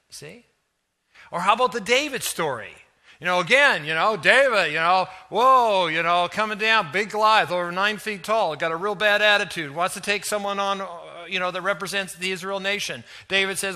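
A man preaching a sermon as pastor, retelling stories in an animated way and acting out the quoted lines. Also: high-pitched.

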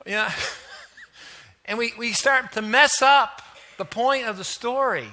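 A man preaching a sermon as pastor, retelling stories in an animated way and acting out the quoted lines. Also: extremely high pitch, slow pace.

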